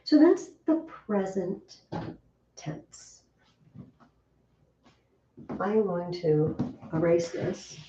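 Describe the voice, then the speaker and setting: Woman teacher, animated and mellow-toned, heard from a distance in a dull, roomy classroom recording. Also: on the low side, extremely slow, long pauses, a little hiss or hum. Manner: lively, chatty teacher asking the class questions. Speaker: Latin teacher. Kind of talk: classroom lesson.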